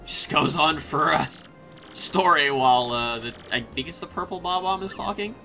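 A man hosting a casual let's play, rambling and excitable, often breaking into laughter. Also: a little high, moderate pace, gravelly, faint music behind. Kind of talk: casual gameplay commentary.

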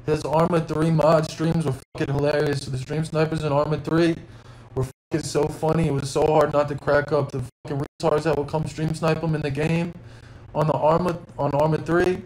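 Upset young guy on a live stream, near tears, swearing nonstop, says bro a lot, kinda high flat voice. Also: normal speed, slight background noise, low-quality recording. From New York. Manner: profane, repeats bro and man, rambling. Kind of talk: unscripted live stream rant. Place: hotel room.

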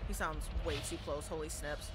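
A woman live-streaming a horror game, talking to her chat with loud, excitable, dramatic reactions. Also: low-pitched, moderate pace, loud music behind the voice. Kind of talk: live gameplay commentary with chat.

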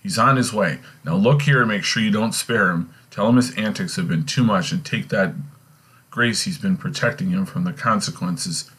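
Fussy scheming old adviser, low husky voice read by a male teacher. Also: moderate pace, fairly bright tone.

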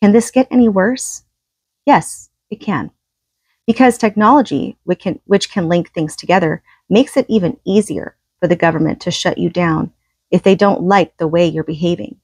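A woman's voice: lowish voice, normal speed, darkish tone, breathy edge, no room sound. A woman reading a book aloud and adding her own commentary in an earnest tone, often asking rhetorical questions.

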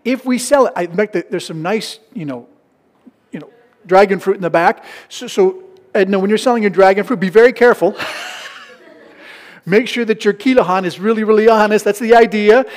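High-voiced preacher guy, sermon in a big echoing church hall, acts out haggling at the market. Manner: mixes English with local Filipino phrases, acts out market haggling. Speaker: pastor.

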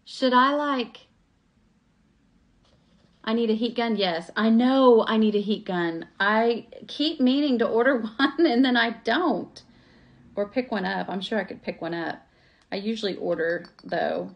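In a live craft tutorial from her table at home, a woman talks to her viewers as y'all, chatty and quick to put herself down. She speaks in a fairly high voice without rushing, and the highs in the audio are cut off.

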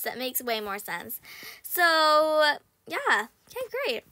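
A young female gaming host narrating her game play, excitable, squealing and shouting when in danger. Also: high-pitched, takes it slowly, no room sound. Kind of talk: game commentary.

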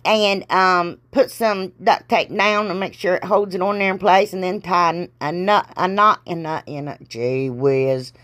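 A woman's voice: fairly low pitch, measured pace, hardly any pauses, a bit bright. A middle-aged woman with a Southern accent, congested from allergies, rambling through a crafting tutorial with folksy exclamations and self-deprecating jokes. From Ohio, US. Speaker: crafting vlogger. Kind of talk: casual crafting tutorial chat.

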